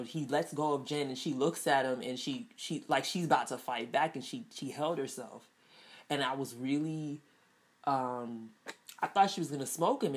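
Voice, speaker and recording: A woman casually reviewing a TV episode, chatty, with lots of fillers and frequent laughs. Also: very deep voice. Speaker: TV show reviewer.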